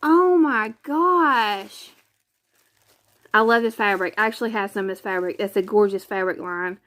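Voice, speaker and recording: A woman's voice: mid-range voice, moderate pace, fairly bright tone. A woman, chatting casually in a craft vlog, gushing and exclaiming often. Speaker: craft vlogger. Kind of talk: casual chat.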